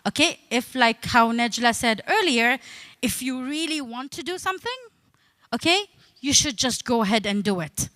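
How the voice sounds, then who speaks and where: A woman's voice: on the high side, animated, normal speed, a bit bright. A woman from the Emirates, giving a humorous stage talk as a comedian and storyteller in a playful, teasing, conversational way. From United Arab Emirates.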